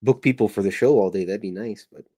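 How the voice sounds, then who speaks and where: A middle-aged man with a low, deep voice rambles along in relaxed, casual chat as he draws. He slips into jokes and teasing jabs at himself, and his talk wanders from one topic to the next. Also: quick pace. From Canada. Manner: joking, self-deprecating, meandering. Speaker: podcast host and cartoonist.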